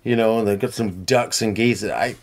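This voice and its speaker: A middle-aged man chatting as a podcast guest, rambling and tangential with animated storytelling. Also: on the low side, moderate pace. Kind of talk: casual chat.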